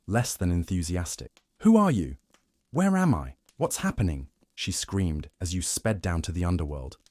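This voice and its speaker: Deep, wry man narrating a sleep story. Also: no room sound, clean studio sound. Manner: wry, deadpan humor, speaking to the god as "you".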